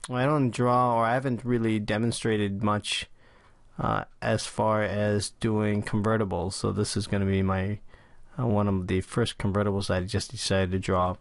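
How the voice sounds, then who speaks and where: A man with a lowish voice walks viewers through a drawing tutorial in a casual, chatty way. He pauses often on "uh" as he sketches. The sound is close and dry, with no room around it. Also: flat delivery, no room sound. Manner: casual and chatty, with frequent "uh" fillers. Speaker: drawing channel host. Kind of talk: tutorial talk while sketching.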